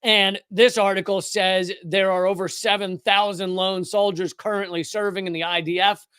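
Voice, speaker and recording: A man's voice: high voice, level tone, normal speed, pushed and bright, clean tone, no echo, clean studio sound. A man hosting a live-streamed commentary show, rambling and correcting himself, with sarcastic asides. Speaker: political commentator host.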